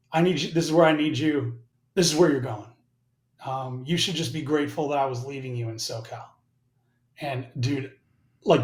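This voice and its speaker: A man in his forties, a podcast guest, telling a story in a casual, profane way and acting out both sides of each conversation. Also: a little high. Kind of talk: casual storytelling with acted-out dialogue. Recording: roomy echo.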